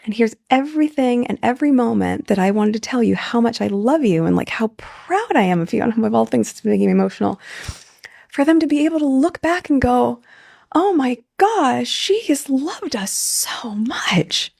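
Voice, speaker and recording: A mother speaking earnestly and emotionally on a podcast, her words trailing off softly. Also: fairly high pitch, lively intonation, moderate pace, vocal fry, no echo, clean studio sound. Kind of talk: heartfelt podcast talk.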